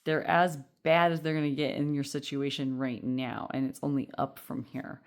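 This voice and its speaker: A woman's voice: extremely low pitch, little pitch movement, normal speed. A woman giving a casual, reassuring tarot reading, chatty and rambling with fillers. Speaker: tarot reader.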